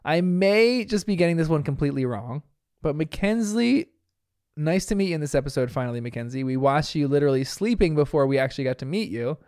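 A young man from New Jersey talks through a cartoon episode in a casual, chatty way, laughing often at his own asides. His voice sits a bit high and sounds smooth and clean. The recording is dry and close, with no room sound. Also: expressive, brisk, darkish tone, no room sound. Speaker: podcast host reviewing a cartoon.

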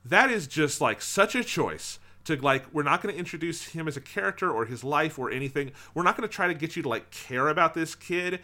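Bright-voiced man riffing on a film. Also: a little high, brisk, hardly any pauses. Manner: animated, swearing, acts out movie lines. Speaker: podcast co-host. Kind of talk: casual film review chat.

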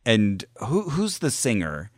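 Male podcast co-host, low voice with lively swings, dry close sound, retells and acts out quotes. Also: slow pace, no room sound. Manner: recounts events, acts out quotes. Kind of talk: casual storytelling chat.

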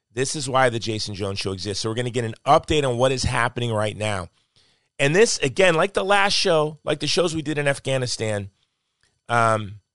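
A middle-aged man with a New Jersey accent, hosting his show and telling a story in a casual, animated way. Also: medium pitch, no echo, studio quality. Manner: animated, acts out quoted voices. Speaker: show host.

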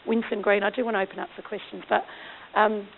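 A woman speaking at a mission conference, telling lively, self-deprecating stories. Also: medium pitch, fast, creaky. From Australia. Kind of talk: storytelling talk. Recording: tinny phone-like lo-fi recording with faint hiss.

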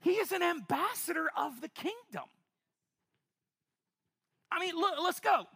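High, bright, animated woman preaching. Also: vocal fry. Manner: animated, playful preaching with quick asides and laughter. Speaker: pastor. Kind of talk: sermon. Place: church before a congregation.

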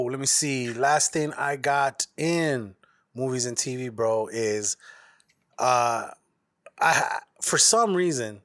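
A man's voice: medium pitch, takes it slowly, a bit bright, no echo. Brief: a male podcast host, loose and profane, recorded dry on a close mic. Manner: profane, slangy and rambling. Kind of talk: casual chat.

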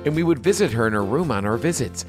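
A man's voice: mid-range voice, fast talker, over music. A man co-hosting a podcast, reading listener stories aloud with playful, joking asides. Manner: playful, joking, lively delivery. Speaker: podcast co-host. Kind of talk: casual comedic chat, reading listener stories.

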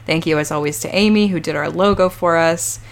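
A woman co-hosting a casual podcast. Her voice sits very low and comes out gravelly, like a rough morning voice. She talks in a chatty, candid way. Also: brisk. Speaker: podcast co-host.

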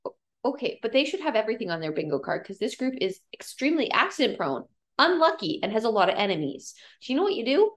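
A woman co-hosting a chatty podcast throws in jokey, playful comments. Her voice sits on the higher side and moves up and down a lot as she talks. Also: fast. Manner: playful, jokey, laughs often, lively asides. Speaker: podcast co-host. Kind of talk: casual chat, joking commentary.

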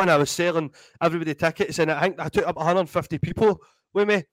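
A Scottish man in his thirties, a DJ and comedian telling animated, sweary stories in a casual interview. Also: fairly high pitch, quick pace, dry recording, rough recording. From Scotland. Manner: animated, swears freely, acts out voices in anecdotes. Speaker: guest DJ and comedian.

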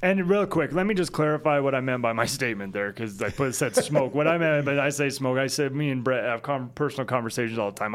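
A man co-hosting a casual chat, talking in an animated way and repeating phrases for emphasis. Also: medium pitch.

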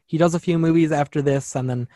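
A man's voice: a little high, steady tone, quick pace, mellow, no echo. Man hosting a film podcast, dry sound. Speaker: podcast host. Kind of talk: casual film chat.

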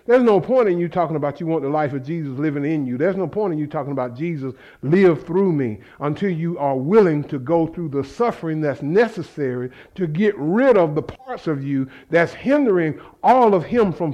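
A man's voice: fairly high pitch, darkish tone. A man preaching a sermon in a fervent, conversational way, repeating phrases and calling out to the congregation. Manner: fervent, conversational preaching with repetition and call-and-response.

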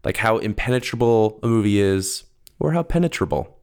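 This young male film-podcast co-host has a fairly low, darkish voice with lively intonation and a moderate pace. His talk is casual and meandering, packed with "um" and "like," and he's quick to laugh.

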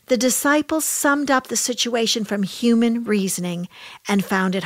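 A woman preaching a sermon in an emphatic way, dropping to soft low asides and rising to raised exclamations. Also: normal speed, no room sound, studio quality. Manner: addresses listeners as "honey".

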